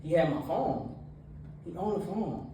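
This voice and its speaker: A man in his thirties preaching a casual, animated storytelling sermon that is full of laughs, with a nervous edge. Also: fairly high pitch, unhurried, background noise. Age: 30s. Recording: echoey room from a distance.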